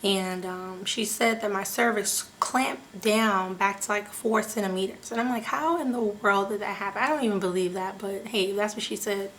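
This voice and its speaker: A young woman vlogger telling a personal story to her viewers in an animated, chatty way, often saying "like" and "you guys.". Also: medium pitch, moderate pace, few pauses, a little hiss or hum. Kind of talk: casual storytelling to camera.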